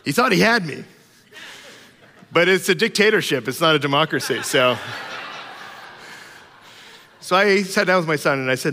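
A man's voice: on the high side, animated, normal speed, gravelly, pauses often, bright, forceful tone, a little hiss or hum. A man preaching a sermon as a pastor. He tells humorous stories in an informal style with many fillers. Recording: long reverb of a large hall.

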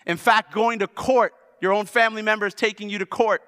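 A man in his thirties preaching a sermon, swinging from loud exhortation to hushed storytelling. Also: sits high, steady tone, fairly quick, smooth. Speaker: pastor. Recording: long reverb of a large hall.

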